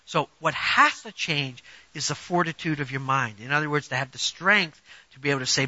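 High, sharp-voiced male preacher. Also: animated, brisk, no room sound, dull audio. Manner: emphatic, rhetorical questions to the congregation; conversational, personal examples. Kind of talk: sermon.

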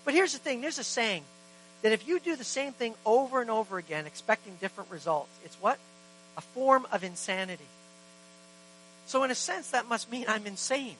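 High, bright-voiced man preaching passionately. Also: lively intonation, brisk, a little hiss or hum, poor audio. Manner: impassioned, swings between loud emphasis and hushed quiet lines; acts out quoted dialogue in conversational asides. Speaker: pastor. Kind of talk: sermon. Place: church.

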